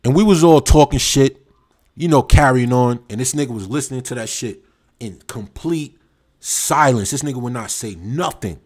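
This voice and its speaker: A man's voice: mid-range voice, moderate pace. Slangy New man on a livestream. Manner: animated, slangy, reminiscing, talks straight to viewers. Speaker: livestream host. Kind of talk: casual livestream chat.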